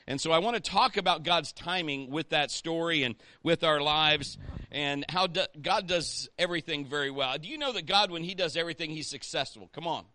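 A man's voice: fairly high pitch, a little fast, sharp tone, no echo. A man, a pastor, preaching a sermon in a conversational way and rallying the congregation with call-outs.

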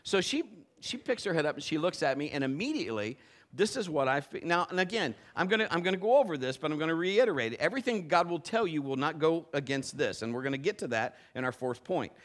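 A man preaching at a church service, a pastor who tells stories with plenty of animation. His voice sits a little on the high side and swoops up and down a lot as he acts out the people in his story. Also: expressive, quick pace, fairly bright tone. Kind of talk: sermon with personal story.

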